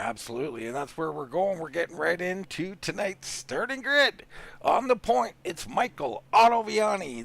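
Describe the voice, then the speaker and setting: A man calling a live sim race play-by-play, energetic and rattling off driver names quickly. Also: on the high side, gravelly. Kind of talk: live sim racing commentary.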